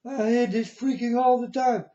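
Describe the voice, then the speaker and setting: A man's voice: very high voice, steady tone, normal speed, mellow. A man giving a preachy, lecturing monologue to his viewers, often turning to them as "folks" and asking if they understand. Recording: echoey room, dull lo-fi sound.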